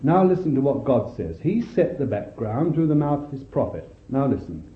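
A man's voice: mid-range voice, moderate pace. A man preaching a sermon, reading scripture aloud and exhorting his listeners. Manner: expressive Bible reading and exhortation. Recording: echoey, tinny old sermon recording.

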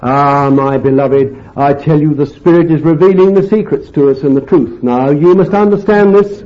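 A man preaching a fervent sermon, swinging between loud exclamations and quiet asides. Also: a little high, normal speed. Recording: dull lo-fi recording.

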